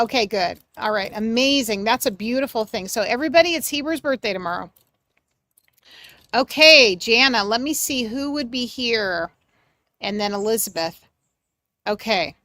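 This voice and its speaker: A woman giving a live mediumship reading on a livestream, speaking gently and affectionately, sometimes dropping soft and sometimes breaking into excited bursts. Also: on the high side, no room sound. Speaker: psychic medium.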